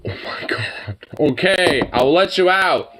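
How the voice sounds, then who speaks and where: Slow, lively casual streamer. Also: medium pitch, a little hiss or hum. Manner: profane, scolds and coos at pets; reacts to chat messages. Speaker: live streamer. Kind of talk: casual live-stream chat.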